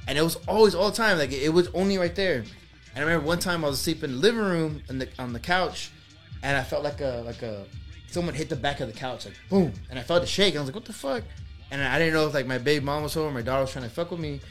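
A man's voice: a little high, fast, a bit bright, soft background music. Rambling young man telling a scary story. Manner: rambling, swears a lot, many fillers. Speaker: podcast co-host. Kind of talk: casual storytelling.

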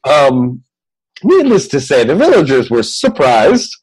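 Animated joking man recapping a film. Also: medium pitch, measured pace, husky, low-quality recording. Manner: animated, joking, rambling with frequent laughs. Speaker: podcast co-host recapping a film. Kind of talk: casual chat.

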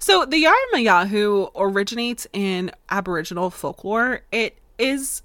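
A woman's voice: mid-range voice, sing-song, measured pace, a bit bright, soft background music. A woman with a slight Southern accent hosting a casual storytelling podcast, chatty and playful and swearing freely. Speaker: podcast host.

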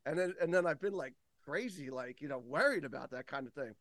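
A man's voice: on the high side, a little fast, no echo. A man in his fifties, a day camp owner and podcast host, chatting as a guest and telling stories with acted-out quotes and free swearing. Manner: animated storyteller, swears freely, acts out quotes. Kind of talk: casual podcast conversation.

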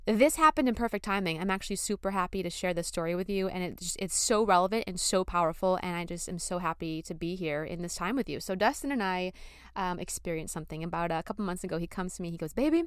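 A young woman hosting a podcast, telling a personal story in a chatty, animated way with lots of fillers. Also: fairly low pitch, quick pace, smooth, no echo, studio quality. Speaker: podcast host. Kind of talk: casual storytelling monologue.

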